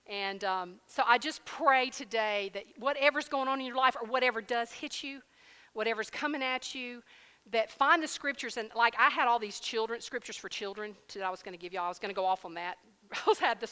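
A woman preaches with a bright, fairly high voice. She tells her story in a lively, conversational way and calls her listeners y'all. Her voice rings with the long reverb of a hall. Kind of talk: sermon testimony and prayer.

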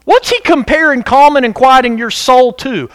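A man preaching a sermon as pastor, animated and conversational, breaking into sudden shouts for emphasis. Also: extremely high pitch, normal speed, no room sound.

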